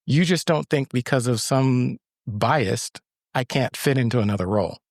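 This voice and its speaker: A man's voice: medium pitch, moderate pace, dry recording. Young guy, actor and co-host, telling a story, keeps repeating words, dry close mic. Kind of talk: casual conversation.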